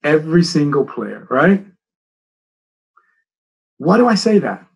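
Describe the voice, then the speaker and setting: A man's voice: a little high, big pitch swings, slow pace, creaky, breathy edge, highs cut off. A middle-aged man who coaches soccer, giving a presentation and telling stories, repeating his key phrases for emphasis.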